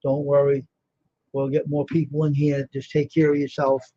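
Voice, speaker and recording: A man's voice: medium pitch, completely flat delivery, moderate pace, dark tone, lo-fi sound. A tired man hosting a casual livestream, rambling about his screen printing work and talking to viewers by name in a self-assured way. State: tired and yawning.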